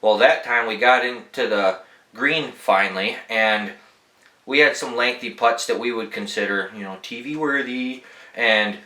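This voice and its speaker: A man's voice: mid-range voice, unhurried, sharp tone, echoey room, rough recording. Young man swearing his way through a story. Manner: laid-back, profane, rambling anecdotes. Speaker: podcast host. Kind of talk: casual storytelling.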